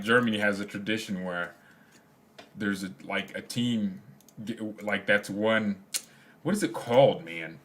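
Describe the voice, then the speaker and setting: Hosting a casual fan livestream, a young man rambles in slangy chat, reads comments out loud, and laughs a lot. His voice is lowish and a bit bright, and he talks a little slowly.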